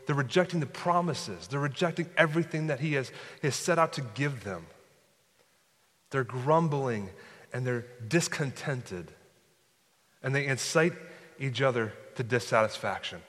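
Pastor preaching in a reverberant hall. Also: male voice, medium pitch, moderate pace, a bit bright. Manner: conversational, frequent restarts and repeated words. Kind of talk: sermon. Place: church sanctuary.

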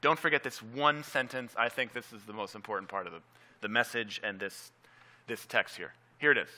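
A man's voice: medium pitch, a little fast, pushed and bright. A man preaching a teaching sermon, earnest and emphatic, repeating key phrases and asking his listeners questions. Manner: earnest, asks the audience questions. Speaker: pastor.

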